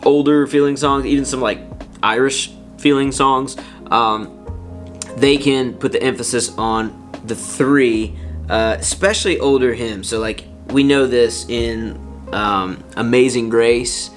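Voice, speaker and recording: A man giving a casual worship guitar lesson, counting beats out loud over his strumming. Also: medium pitch, steady tone, measured pace. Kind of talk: relaxed guitar lesson with sung examples. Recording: loud acoustic guitar under the voice. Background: acoustic guitar playing.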